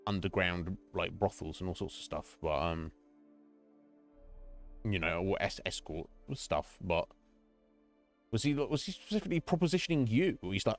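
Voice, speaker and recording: A man streaming a game, chatting casually in a rambling, halting way and often laughing. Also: deep voice, animated, faint music behind.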